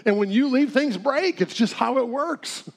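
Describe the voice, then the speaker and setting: A man's voice: very high-pitched, animated, normal speed, pitched above the performer's own voice, full character voice. A man voicing a busy young mother who states her case in an insistent, matter-of-fact way.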